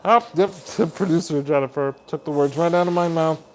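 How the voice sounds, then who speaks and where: A man hosting a live stream chat. He reads viewer comments aloud, greets people warmly by name as buddy and honey, and laughs often. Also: a little high, fairly quick. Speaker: livestream host.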